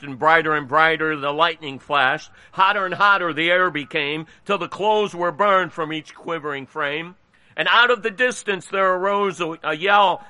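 A man's voice: a little high, bright, forceful tone, dry recording. A male pastor giving an earnest, emphatic sermon and reading a poem aloud to his congregation.

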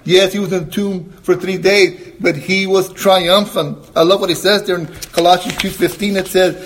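A man preaching a sermon, emphatic and questioning his listeners, reading scripture in a slower, lower tone and often clearing his throat. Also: a little hiss or hum. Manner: emphatic, rising to high exclamations, asks the congregation questions.

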